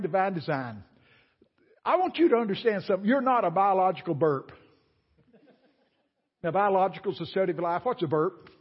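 A man's voice: a little high, husky, big-room sound. A man preaching a sermon as a guest speaker, folksy and exclamatory, telling stories to a congregation. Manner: folksy, exclamatory, animated storytelling. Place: church sanctuary. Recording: dull lo-fi church recording.

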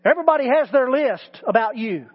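A man with a very high voice delivers a sermon as teaching pastor, leaning hard on repeated words as he builds emphasis. The sound is muffled, and long reverb trails each phrase. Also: animated, a little fast, breathy edge. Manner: preaching with rising emphatic repetition.

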